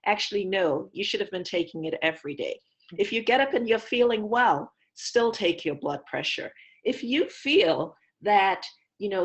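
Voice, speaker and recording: A woman physician on a video call, explaining health advice in a clear, patient, teacherly way. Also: medium pitch, animated, moderate pace. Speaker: physician guest.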